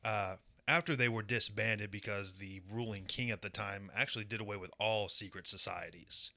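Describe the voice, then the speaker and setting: A man's voice: on the low side, fairly even intonation, moderate pace, vocal fry, sharp tone, dry recording. A man co-hosting a casual podcast, explaining a topic in a dry way with crude asides. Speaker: podcast co-host presenting a conspiracy segment.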